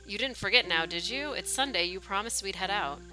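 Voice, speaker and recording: A woman's voice: medium pitch, animated, a little fast, sharp tone, low-quality recording. A woman voicing a pushy, teasing teenage boy friend, reading game dialogue aloud on a stream.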